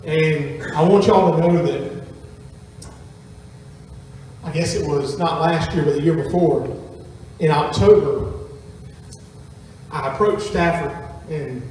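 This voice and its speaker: A man's voice: a little high, measured pace, long pauses, a little mellow, a little hiss or hum. A man, a pastor telling a family story in a folksy sermon to his congregation. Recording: echoey hall from far off.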